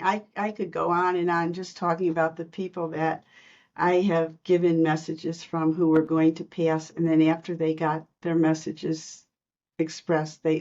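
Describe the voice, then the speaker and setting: A woman telling personal spiritual stories in a podcast interview, earnest and animated, acting out the quotes. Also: on the low side, dull audio. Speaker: spiritual medium guest.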